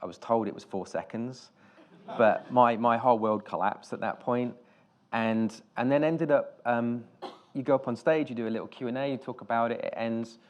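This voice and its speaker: A British film director telling stories on stage in an interview, rambling and self-deprecating, with many restarts. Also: male voice, mid-range voice, normal speed, muffled recording. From Britain.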